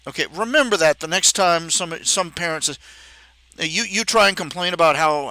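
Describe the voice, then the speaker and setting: A man's voice: on the high side, normal speed, bright, forceful tone, no room sound, poor audio. A man hosting a casual talk stream, ranting with many restarts and jumping into raised, mocking voices when he quotes his parents. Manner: rambling with restarts. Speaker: podcast host. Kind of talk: casual rant.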